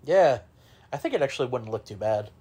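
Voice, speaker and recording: A man's voice: medium pitch, animated, dark tone. A man co-hosting a podcast, chatting casually about sports in a teasing way. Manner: teasing and quick to object. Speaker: podcast co-host.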